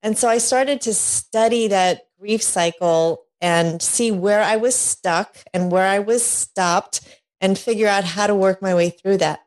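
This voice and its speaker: A middle-aged woman telling her personal story as a guest, lively and laughing often, acting out voices when she quotes people. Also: medium pitch, measured pace. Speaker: guest, divorce coach.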